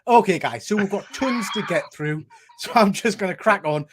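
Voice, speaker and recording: Upbeat Geordie male host, high and very lively delivery, joking stream chat. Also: moderate pace, a little hiss or hum. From North East England. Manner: jokey, upbeat, laughs often. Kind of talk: casual livestream chat.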